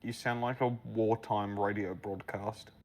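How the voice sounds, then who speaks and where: A man's voice: lowish voice, fairly even intonation, unhurried, noisy background. A man telling a rambling story full of fillers during a casual gaming chat, speaking over a voice call. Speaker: map builder guiding a playthrough.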